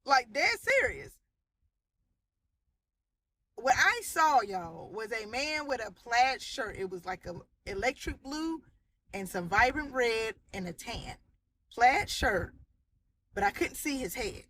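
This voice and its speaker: A woman's voice: on the high side, slow, long pauses, slight background noise. A woman casually and animatedly retelling haunting experiences from her family home, acting out the people in it. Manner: animated, vivid retelling with voiced quotes and sound effects. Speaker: storyteller sharing a haunting testimony. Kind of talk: casual spoken storytelling. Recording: audio cutting in and out.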